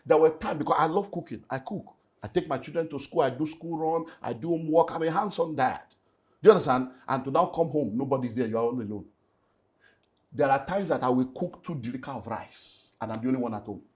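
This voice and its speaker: A middle-aged man with a Nigerian accent talks through a painful personal story in an interview. His voice sits at an ordinary pitch. He is earnest and animated and slides into Pidgin phrases. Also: fast talker. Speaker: pastor and relationship speaker.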